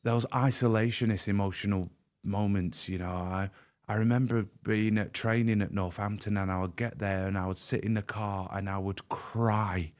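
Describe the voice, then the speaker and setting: Guy on a podcast talking real frank and earnest, voice a bit on the low side, stumbles and repeats words. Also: steady tone, moderate pace. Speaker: guest. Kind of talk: candid podcast conversation.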